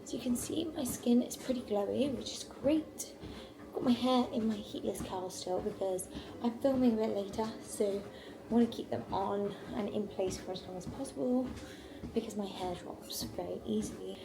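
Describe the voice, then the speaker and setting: A woman's voice: medium pitch, normal speed, creaky, background noise. A woman vlogging casually at home while walking on a walking pad, chatty and rambling, on a small wireless mic. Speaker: lifestyle vlogger. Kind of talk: casual vlog chat to camera.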